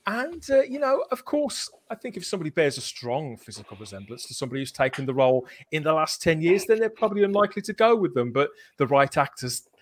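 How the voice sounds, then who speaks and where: High-voiced man hosting a panel. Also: big pitch swings, quick pace, hardly any pauses, slight background noise. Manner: leads discussion, reads viewer comments. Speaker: podcast host. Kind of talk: livestream panel chat.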